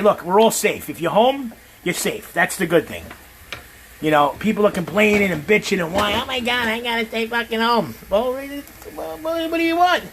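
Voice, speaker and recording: A brash, swearing middle-aged man, chatting to his viewers while he cooks at home. His voice sits high for a man. A faint hum of the kitchen hangs behind him. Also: a bit bright. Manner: brash, profane, talks straight to viewers. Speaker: home cook. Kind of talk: casual cooking livestream chat.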